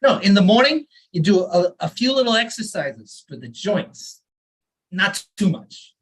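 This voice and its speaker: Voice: medium pitch, big pitch swings, unhurried, rough recording. A performer voicing an elderly immigrant father who lectures earnestly, reading a story aloud at an open mic. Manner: fussy, insistent advice-giving.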